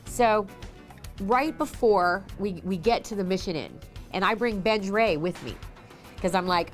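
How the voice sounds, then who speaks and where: A woman who hosts a TV show and runs restaurants, telling her story to camera in a chatty, animated way on a lapel mic. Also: medium pitch, a little slow, faint music behind. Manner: chatty and animated, acts out dialogue with a raised voice. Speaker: TV host and restaurant owner. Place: on a filming set with a camera crew.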